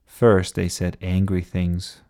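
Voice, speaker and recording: A man reading a children's bedtime story aloud in an expressive storybook style. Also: sits low, takes it slowly.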